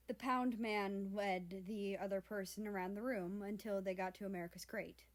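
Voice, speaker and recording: A woman reading a fan fiction story aloud as narrator in a plain storytelling manner. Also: medium pitch.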